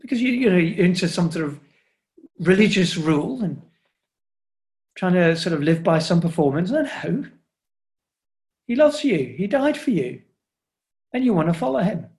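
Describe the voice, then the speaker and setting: A middle-aged man preaching a sermon to his congregation, earnest, often voicing Jesus speaking directly to his listeners. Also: high voice. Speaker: pastor.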